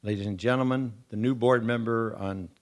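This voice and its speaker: A man acting as emcee, giving a formal introduction in a slow, announcing way. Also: mid-range voice, steady tone.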